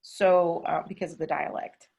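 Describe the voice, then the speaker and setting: Woman, Southern American accent, online English teacher, patient drawn-out explaining, low-ish voice, video call. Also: fairly even intonation, gravelly, darkish tone, husky. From southern United States. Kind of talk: online class instruction.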